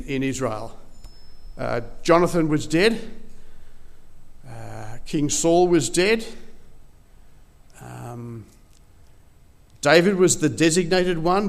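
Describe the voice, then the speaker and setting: A preacher with a fairly high voice delivers a sermon, telling the story in a relaxed, conversational way. He stumbles and restarts as he goes.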